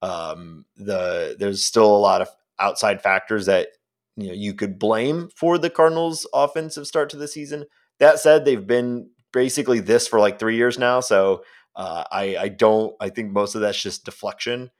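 Lowish male voice, hesitant podcast chat. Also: moderate pace. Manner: hesitant, full of fillers. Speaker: podcast co-host. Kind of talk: casual sports chat.

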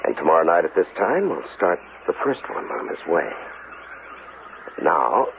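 An actor playing a sinister male host brewing a secret formula in a 1970s radio drama, calm and controlled. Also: low voice, normal speed, vocal fry, noisy background, exaggerated voice. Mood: cool scheming. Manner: calm, controlled, slightly impatient. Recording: narrow-band old radio broadcast.

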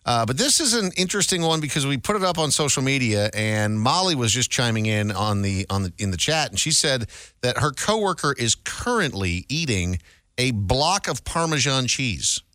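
Man, radio host, upbeat, lively intonation, dry studio sound. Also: medium pitch, normal speed, no room sound. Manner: upbeat, game-show style. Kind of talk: morning radio banter.

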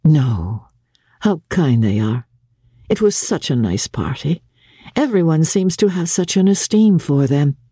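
A woman voicing a soft, musing countess, lilting high. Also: sing-song, measured pace, breathy edge, dry recording, clean studio sound, full character voice. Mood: delighted. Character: poised worldly young countess, candid and gentle.

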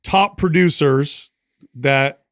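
Man, podcast co-host, a bit high-pitched, dry close mic, quick interjecting banter. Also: clear, resonant tone, no echo. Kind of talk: casual chat.

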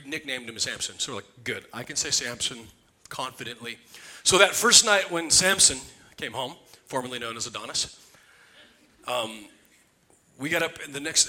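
Bright-voiced joking pastor. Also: male voice, on the high side. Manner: conversational, jokey, animated. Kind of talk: humorous sermon storytelling. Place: church sanctuary.

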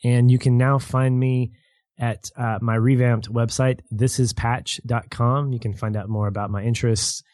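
A man's voice: mid-range voice, level tone, moderate pace, a little mellow, no room sound, studio quality. A man chatting as a guest on a film podcast, rambling with restarts and easy laughs. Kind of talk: casual film podcast chat.

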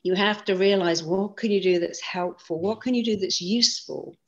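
A woman guest in conversational storytelling, lively and acting out the voices of people she quotes. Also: medium pitch, moderate pace. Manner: lively, acts out quoted speech. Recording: dull lo-fi sound.

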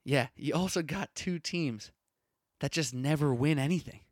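A man's voice: fairly high pitch, normal speed, dry recording, studio quality. A young man hosting a solo sports podcast, ranting in a punchy, opinionated way with lots of rhetorical questions.

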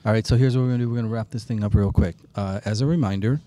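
Podcast host guy, low mellow voice, animated storyteller, swears a lot. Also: racing. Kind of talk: casual chat and anecdote.

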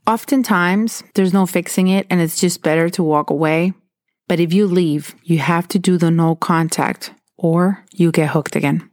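A woman's voice: lowish voice, steady tone, normal speed, darkish tone, no room sound, studio quality. A woman talking earnestly and candidly, sharing her own experiences as advice. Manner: earnest and candid, recounting personal stories. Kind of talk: personal advice talk.

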